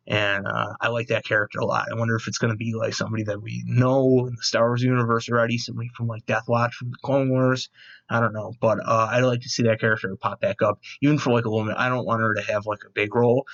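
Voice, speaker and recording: A man talks into his desk microphone in a loose, excitable review, full of fillers and acted-out asides. His voice sits in an ordinary middle pitch. The recording sounds slightly muffled and lo-fi. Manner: enthusiastic, rambling, with quoted asides and fillers. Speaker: movie review vlogger. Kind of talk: casual episode review.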